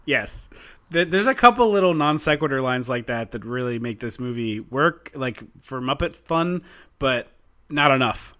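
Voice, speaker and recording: A man co-hosting a podcast in casual chat, chatty and quick to laugh as he retells things. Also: mid-range voice, expressive, sharp tone. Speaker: podcast co-host.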